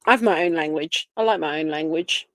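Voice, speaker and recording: A woman's voice: low-pitched, brisk, dry recording. Chatty Australian woman greeting live viewers. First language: Italian. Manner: chatty, greets viewers by name, drifts between topics. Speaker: livestream host. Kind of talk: casual live chat reading comments.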